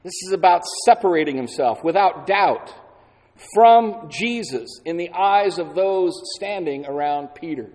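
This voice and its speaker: Slow, deliberate male preacher in a hall. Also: high-pitched, lively intonation, a little mellow. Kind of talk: sermon. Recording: long hall reverb.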